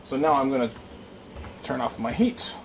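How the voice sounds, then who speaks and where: A chatty man walks through a recipe at his stove and explains each step as he goes. He is miked from a distance in an echoey kitchen, and loud background noise runs under his voice. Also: mid-range voice, normal speed. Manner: chatty, explains as he works, asks "right?". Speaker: cooking show host. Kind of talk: casual cooking demonstration. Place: home kitchen.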